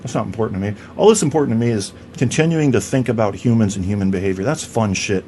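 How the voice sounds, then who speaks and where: A man's voice: fairly low pitch, fast, warm tone, a little hiss or hum. Profane rambling male podcast host. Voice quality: rambling, profane, stammering restarts. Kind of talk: crude comedic rant.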